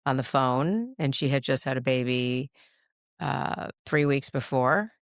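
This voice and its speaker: A woman's voice: extremely low pitch, animated, a little slow, no echo, studio quality. A middle-aged woman telling a family story in casual chat, rambling with restarts and frequent laughs. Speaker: guest, mother of the host. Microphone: podcast mic.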